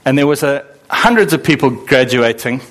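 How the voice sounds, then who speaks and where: Animated male preacher. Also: normal speed. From Zimbabwe. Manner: animated, with sudden dramatic swings in pitch and pace. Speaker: pastor. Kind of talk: sermon.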